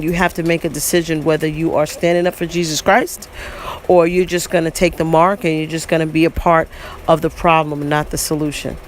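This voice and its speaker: Forties woman preaching on her vlog, fired up, keeps saying listen, lowish voice. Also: slight background noise. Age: 40s. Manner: emphatic, repeats "listen" and "you know what I mean". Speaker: vlogger. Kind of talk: preachy commentary.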